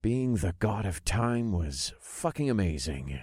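A man with a lowish voice narrates a fantasy audiobook in first person. His delivery swings up and down with plenty of expression. The sound is close and dry, with no room around it. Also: sing-song, unhurried, darkish tone, husky, no echo.

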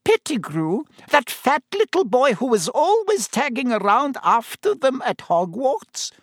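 A fretful, gossipy innkeeper woman with a high, wavering voice that swoops up on every question, as a male narrator puts her on. She sounds close and dry, as if right at the mic. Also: huge pitch swings, unhurried, no room sound, exaggerated voice. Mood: incredulous.

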